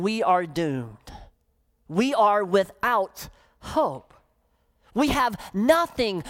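A woman pastor preaching a sermon, emphatic, often dropping into soft, low phrases for weight.

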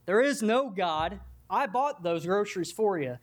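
A man's voice: sits high, animated, measured pace. A man voicing a gloating atheist neighbor in a sermon story.

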